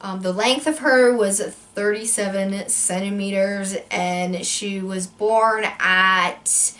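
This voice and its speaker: A young woman telling a casual storytime vlog, full of likes and ums, jumping into high voices when she acts out quotes. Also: steady tone, takes it slowly, a bit bright. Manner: filler-heavy, many likes and ums.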